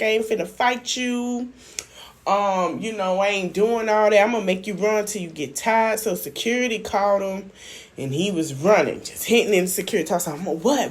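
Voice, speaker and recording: Chatty woman vlogger recapping a show. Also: mid-range voice. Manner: chatty, addresses viewers as y'all, acts out quotes. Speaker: YouTube channel host. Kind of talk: casual reality-show recap and reaction.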